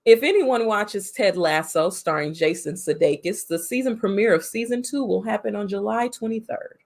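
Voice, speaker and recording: A woman's voice: medium pitch, moderate pace, vocal fry, a little mellow. A woman co-hosting a casual film podcast, chatty and playful, laughing often. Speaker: podcast co-host. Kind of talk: casual chat.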